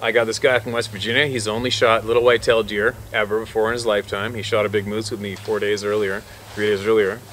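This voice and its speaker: A man working as a hunting guide, telling a story in an animated way, swearing often and repeating himself. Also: lowish voice, fast talker, slight background noise. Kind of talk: excited outdoor storytelling.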